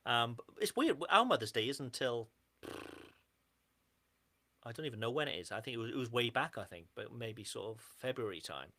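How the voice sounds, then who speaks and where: Man, gravelly voice, bright tone, laid-back podcast chat. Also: medium pitch, lively intonation, brisk. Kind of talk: casual chat.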